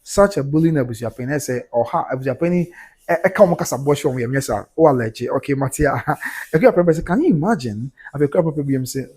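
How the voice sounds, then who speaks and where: A man's voice: medium pitch, lively intonation, a little fast, darkish tone, slightly rough. Ghanaian man reading comments on a livestream. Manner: reads viewer comments aloud and reacts, mixing Twi and English.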